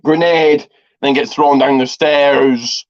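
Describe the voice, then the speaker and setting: A man's voice: mid-range voice, steady tone, slow. A man casually retelling a movie's plot for a review, rambling with lots of ums and restarts. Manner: rambling, heavy on fillers and restarts. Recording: slightly dull lo-fi audio.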